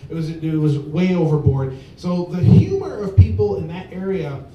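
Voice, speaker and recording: A man's voice: expressive, normal speed, muffled recording. A man doing stand-up at an open mic, telling a long rambling story with lots of fillers. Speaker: stand-up comedian. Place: small bar at open mic. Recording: echoey bar from far off with faint rumble.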